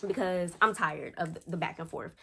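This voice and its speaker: A young woman talks straight to her camera, telling a storytime. She is chatty and animated, and her voice jumps higher whenever she acts out what someone said. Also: moderate pace, gravelly, slight background noise. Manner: animated, acts out quotes with shifting pitch. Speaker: storytime vlogger. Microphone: camera close up.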